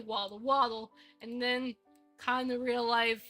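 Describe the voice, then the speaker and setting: A woman's voice: fairly high pitch, fairly even intonation, normal speed, pushed and bright, faint music behind. A woman live-streaming, rambling playfully and talking to herself while she works on a 3D model. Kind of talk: casual live-stream chat.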